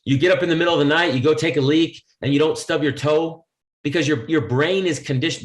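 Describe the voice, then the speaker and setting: A man's voice: on the high side, fast talker, echoey room. A man who is a motivational speaker talking in a podcast interview, pressing home his points with repeated rhetorical questions. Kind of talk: emphatic podcast conversation.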